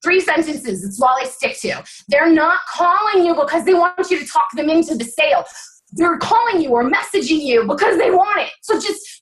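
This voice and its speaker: A woman's voice: very high voice, expressive, normal speed, fairly bright tone, rough recording. A woman giving fired-up, blunt sales coaching as a guest on a video call.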